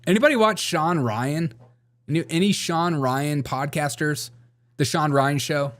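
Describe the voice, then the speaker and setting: A man's voice: on the high side, animated, moderate pace. A man hosting a casual political commentary show, sarcastic and laughing often as he reads out viewer comments. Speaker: show host.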